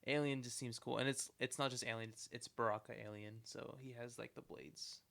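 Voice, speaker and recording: A young man chats loosely as a podcast co-host, wandering through his points with plenty of fillers. His voice is smooth and clear, and it sits at an ordinary pitch for a man. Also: steady tone, brisk, fairly bright tone. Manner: rambling, lots of "like" fillers. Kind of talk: casual chat.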